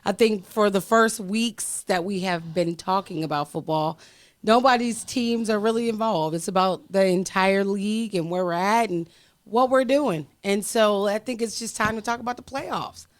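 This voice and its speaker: A woman's voice: medium pitch, normal speed. A woman co-hosting a football podcast as its analyst, chatting casually with playful, laughing banter. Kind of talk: casual sports chat.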